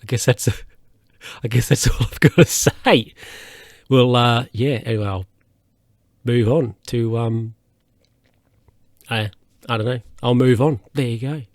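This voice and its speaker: A man's voice: medium pitch, fairly even intonation, measured pace, pauses often, no echo. Aussie guy rambling thru a solo podcast, umms a lot, dead dry mic. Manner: rambling, hesitant, many fillers and restarts. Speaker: podcast host.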